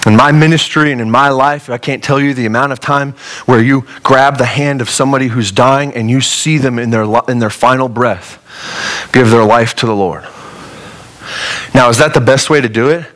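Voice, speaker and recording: A man's voice: mid-range voice, moderate pace, fairly bright tone, rough recording. A male pastor preaching a sermon in a conversational way, with joking asides.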